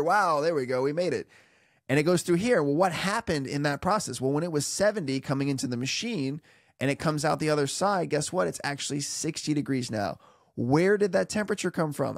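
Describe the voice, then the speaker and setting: A man at an ordinary mid pitch teaches refrigeration technology with playful, theatrical asides. His voice sounds dry and close, with no room around it. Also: no echo. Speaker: HVAC instructor. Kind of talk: animated technical tutorial.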